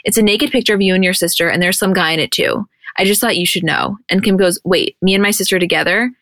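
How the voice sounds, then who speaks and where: Woman, podcast co-host, casual chat, quick talker, dry close sound. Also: medium pitch, fairly bright tone, no echo. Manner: chatty, retells scenes with quoted dialogue.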